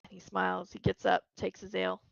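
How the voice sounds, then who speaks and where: A woman's voice: mid-range voice, completely flat delivery, brisk, vocal fry, no room sound, highs cut off. A woman running a tabletop game as game master, narrating casually. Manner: casual, laughs between lines.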